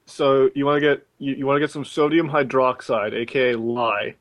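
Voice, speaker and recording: A young man in casual chat, giving a mock recipe in a deadpan joking manner. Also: mid-range voice, moderate pace.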